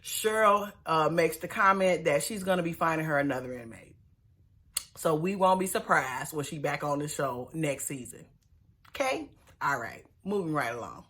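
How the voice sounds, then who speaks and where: A woman's voice: sits low, moderate pace. Sassy woman recapping TV. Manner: sassy, animated, mocking asides and laughter. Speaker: reality TV recap host. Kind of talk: casual recap commentary.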